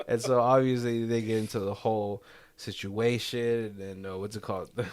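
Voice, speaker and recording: A man's voice: fairly low pitch, level tone, moderate pace, a little mellow. A man co-hosting a podcast, casually retelling a movie's scenes with frequent laughter and quoted lines. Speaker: podcast co-host. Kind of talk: casual movie commentary chat.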